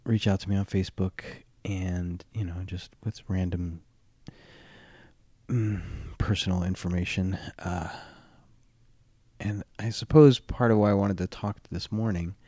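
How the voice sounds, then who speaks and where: A man hosting a solo podcast in his groggy early morning voice, talking haltingly with many fillers and restarts. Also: low voice, fairly even intonation, mellow, no room sound. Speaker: podcast host.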